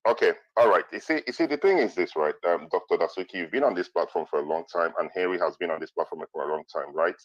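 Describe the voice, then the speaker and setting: A man moderating a heated online debate, repeatedly stepping in and pleading with the speakers to calm down. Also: deep voice, fast talker, few pauses, no room sound. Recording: dull lo-fi online audio.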